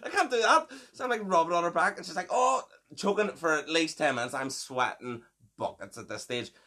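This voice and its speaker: A man's voice: fairly high pitch, fairly quick, sharp tone. A man, hosting a podcast and telling a story in a casual, swearing, laughing way. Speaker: podcast host.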